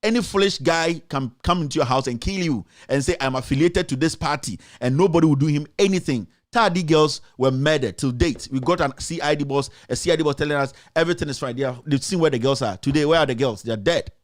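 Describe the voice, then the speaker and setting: A Ghanaian man hosting a talk show, his high voice rising as he pushes his point with passion. He repeats his lines and fires rhetorical questions straight at his critics. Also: quick pace, hardly any pauses. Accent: Ghanaian English. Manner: passionate, repetitive, rhetorical, addressing critics directly. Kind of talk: impassioned political commentary.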